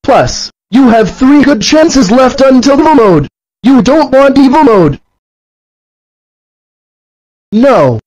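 A man's voice: animated, normal speed, a little mellow. A man voicing a bossy purple dinosaur who scolds and threatens, in a fan-made cartoon with dull, lo-fi sound. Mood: furious. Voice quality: very high-pitched. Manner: scolding, threatening, repeating rules. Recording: dull lo-fi audio.

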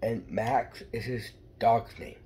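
A man chatting casually to viewers while he colors, rambling slowly. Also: mid-range voice, heavy background noise. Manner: slow, rambling, chuckling asides. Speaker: art video creator.

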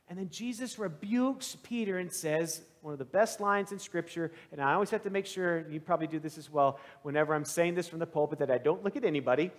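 A male pastor preaching a sermon in a church, with animated, conversational storytelling. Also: fairly high pitch, fast talker, hardly any pauses, in a large hall.

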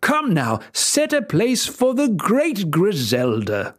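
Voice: medium pitch, wildly swooping pitch, slow pace, voice pushed up, heavily acted. A storybook reader voicing a nervous fairy-tale king who stammers and fumbles his words. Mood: flustered. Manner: stammering, flustered.

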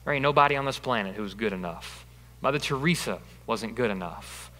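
A man preaching a sermon as pastor, emphatic and repetitive, building to loud peaks. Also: mid-range voice, lively intonation, a little fast. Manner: emphatic, repeats phrases, rising to loud peaks. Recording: long reverb of a large hall.

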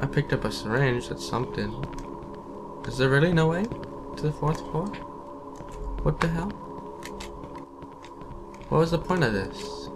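A man's voice: a little high, lively intonation, unhurried, pauses often, over loud music. A man giving casual horror gameplay commentary, jumpy and swearing, taunting enemies as he plays. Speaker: let's play gamer. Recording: keyboard typing noise behind.

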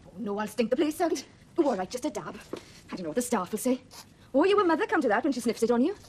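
A down-to-earth, sensible woman answers quickly and plainly in a fairly high voice with lively inflection. She sounds frank and grounded. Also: a little hiss or hum. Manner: plain, matter-of-fact. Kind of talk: 1970s TV period drama acting.

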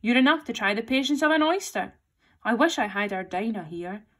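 A woman's voice: medium pitch, moderate pace, natural voice. A woman voicing a snappish young female crab talking back to her mother.

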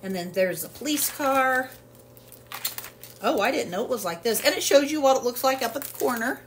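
A woman's voice: high-pitched, animated, moderate pace, slight background noise. A woman chatting casually through a home haul video, rambling with lots of fillers, in her kitchen at home. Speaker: haul vlogger. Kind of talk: casual product haul chat.

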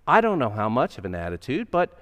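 Animated male preacher in a reverberant church. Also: mid-range voice, brisk. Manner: conversational storytelling, acts out the characters' voices. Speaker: pastor. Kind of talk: sermon. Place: church sanctuary. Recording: long hall reverb.

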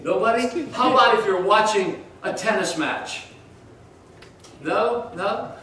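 High-voiced preacher in an echoey church. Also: male voice, slow pace, bright, forceful tone, slight background noise. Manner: conversational preaching with audience questions. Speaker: pastor. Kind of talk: sermon. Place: church sanctuary. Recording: echoey church room from far off.

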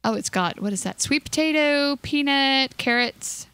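A woman's voice: sits high, expressive, measured pace, fairly bright tone, no room sound. A young woman casually commenting on her gameplay, chatty and scattered, giggling and cooing at little in-game creatures. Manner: hyper and scattered. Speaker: let's play host.

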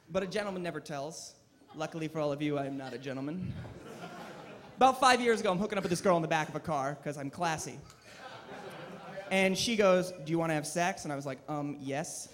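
A man in his twenties performing a deadpan, self-deprecating stand-up set on a comedy club stage into a handheld mic. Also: high voice.

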